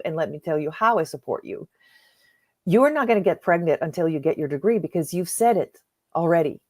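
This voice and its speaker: A middle-aged woman coach, a podcast guest, telling a personal story in an earnest, animated way and acting out the dialogue. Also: lowish voice. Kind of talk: conversational storytelling.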